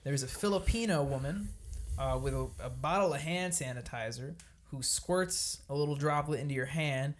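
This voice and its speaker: A man co-hosting a casual podcast, telling a vacation story in an animated way, swearing freely and acting out the people he met. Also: on the high side, normal speed, slight background noise. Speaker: podcast co-host.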